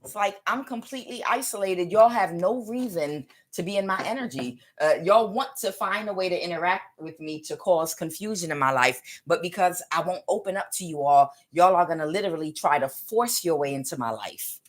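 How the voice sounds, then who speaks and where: A woman's voice: fairly low pitch, a little fast, hardly any pauses. A woman giving a casual spiritual tarot reading, talking emphatically and repetitively straight to her audience, with chuckling asides. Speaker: tarot reader.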